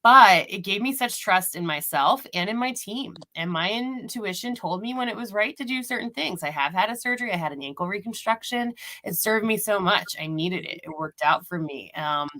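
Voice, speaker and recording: A woman's voice: mid-range voice, expressive, normal speed, few pauses, pushed and bright. A woman hosting a live spiritual reading stream, telling stories candidly, laughing and swearing freely. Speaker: host and intuitive reader.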